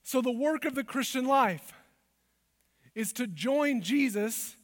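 A man preaching a sermon, dropping to hushed asides and rising to loud, emphatic declarations. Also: very high voice, animated, takes it slowly, big-room sound. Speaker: pastor.

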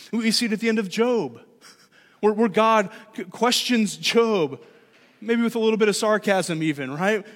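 Brief: male pastor, slightly higher voice, chatty animated sermon, long church reverb. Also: moderate pace. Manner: conversational, animated preaching with shifting loudness. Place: church sanctuary.

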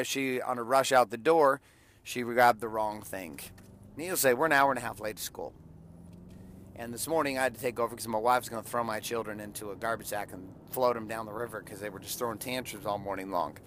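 A man's voice: medium pitch, brisk, a bit bright, slight background noise. A man in his forties tells a parenting story in a blunt, profane, preachy way. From California. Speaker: father and podcaster. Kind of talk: blunt motivational monologue.

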